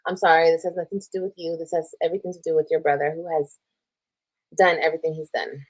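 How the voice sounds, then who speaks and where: A woman's voice: sits low, flat delivery, fast talker. A woman retelling a personal drama on a casual livestream, reading old texts aloud, swearing freely and reacting as she scrolls. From Texas. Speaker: streamer telling a personal story.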